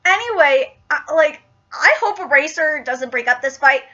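A woman in her twenties hosting a live manga reaction vlog, gushing and excitable and swearing freely. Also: sits high, normal speed. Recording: dull lo-fi recording.

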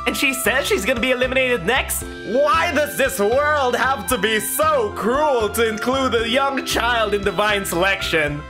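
Gushing woman gamer, slow and high. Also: expressive. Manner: gushing, swears. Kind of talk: let's play commentary. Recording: game music behind her voice.

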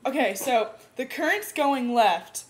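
Chatty higher-voiced woman vlogger. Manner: rambling animated storytelling, bursts of fast talk. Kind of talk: casual chat.

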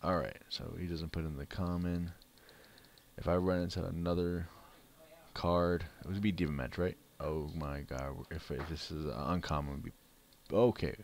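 A gaming channel host with a very deep, low voice casually narrates a mobile card game at a moderate pace and with fairly even intonation. Easygoing and off-the-cuff, he grumbles about his luck as he plays.

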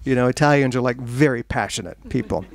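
A fast-talking man with a mid-range voice and vocal fry, an author from the United States, shares humorous stories at a bookstore event. His delivery is lively, acting out characters' voices and laced with jokes at his own expense.

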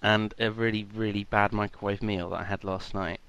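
Deadpan joking young man. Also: lowish voice, fairly quick, smooth. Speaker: podcast co-host. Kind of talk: casual chat.

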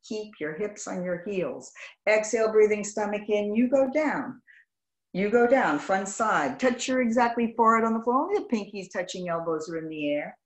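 A woman yoga instructor teaching a live class over a video call, calling out poses in brisk, clipped commands and greeting students warmly by name. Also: mid-range voice, lively intonation, reverberant, poor audio. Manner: brisk rapid-fire commands in short clipped phrases. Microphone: video call microphone.

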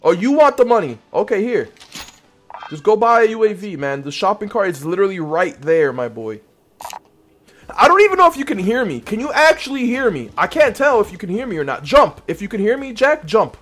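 A man chatting playfully with teammates during an online shooter, teasing and swinging between loud excitement and low mumbling. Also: fairly quick. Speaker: gamer streaming with random teammates. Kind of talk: casual game commentary to teammates.

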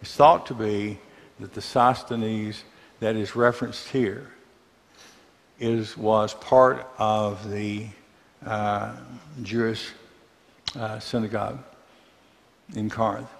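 A Southern-accented man from Mississippi teaches a church Bible class conversationally, putting questions to the class and pausing on filler words. His fairly low voice is flat and creaky, echoing in a large hall.

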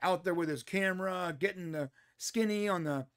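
A man's voice: high voice, normal speed, over a noisy crowd. A man co-hosting a casual movie review chat, talking animatedly and acting out what characters might say. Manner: animated, acts out characters' lines in quotes. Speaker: podcast co-host.

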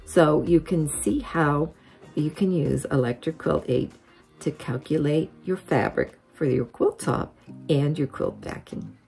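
A woman hosting a quilting software tutorial, explaining each step methodically as a voice-over. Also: low voice, a little slow, gravelly, soft background music.

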